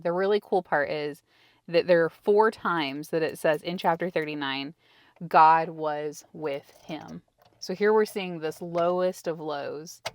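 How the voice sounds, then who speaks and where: A woman's voice: fairly low pitch, dry recording. A pregnant young woman co-hosting a casual Bible teaching from a parked car. She reads scripture aloud and adds friendly commentary, and she sounds hot and a bit tired. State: pregnant and overheated. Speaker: ministry co-host.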